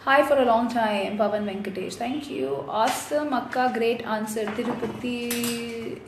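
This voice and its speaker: A young woman with a fairly high voice reads out fan comments and answers them one by one, casual and chatty. Her voice echoes around the room, with a faint hiss underneath. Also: fairly even intonation, a little slow. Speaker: actress answering fans. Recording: roomy echo, faint noise.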